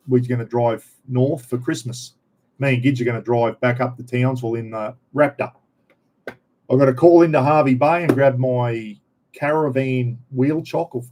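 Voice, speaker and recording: A middle-aged Australian man rambles through a casual vlog chat, easygoing and full of slang. His voice sits at an ordinary middle pitch, and he chuckles often as he talks. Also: a little mellow. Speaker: vlogger.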